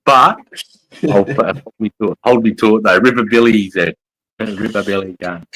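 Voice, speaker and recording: Middle-aged Australian male streamer, very low voice, crude and matey, casual banter. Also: fairly even intonation, a little fast, breathy edge, rough recording. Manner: blunt, heavy swearing, matey. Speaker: livestream host, army veteran. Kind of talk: casual livestream chat, reading comments.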